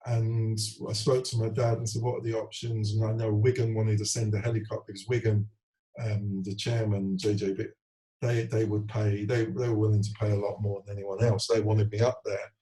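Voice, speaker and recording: A man in his forties speaks candidly in an interview, going back over his career as a footballer. His voice sits a little low and sounds mellow and dark. He tells it earnestly and slips into other people's voices as he quotes them. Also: little pitch movement, brisk, poor audio.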